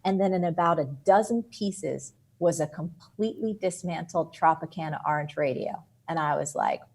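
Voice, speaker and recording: Brief: middle-aged woman from New Jersey, a guest author, husky and lively, telling a story, sitting a touch low. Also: normal speed. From New Jersey, USA. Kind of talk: animated storytelling in an interview.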